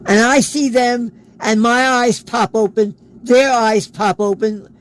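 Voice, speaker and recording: A man's voice: extremely high pitch, steady tone, takes it slowly, rough recording. A man, an interview guest, telling a personal story in a casual way and acting out the quoted dialogue. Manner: acts out quoted dialogue in his stories.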